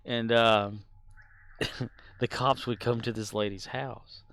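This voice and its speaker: A man's voice: medium pitch, fairly even intonation, slow, fairly bright tone, clear, resonant tone. A man streaming a game, chatting casually and rambling on, laughing often as he talks. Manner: rambling, talkative; laughs often while talking. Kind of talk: casual chat while gaming.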